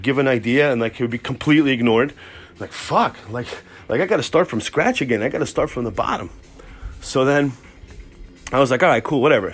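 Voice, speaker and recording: A man hosting a podcast, telling a rambling, profane, excitable comic story from work. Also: medium pitch. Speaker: podcast host. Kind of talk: casual comic storytelling monologue.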